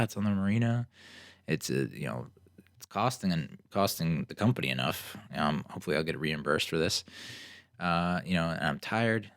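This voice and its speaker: A young man from New Jersey hosting a podcast, telling stories in a casual, animated, sarcastic way and acting out what other people said. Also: low voice, creaky, dry recording, studio quality. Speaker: podcast host. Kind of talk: casual solo storytelling.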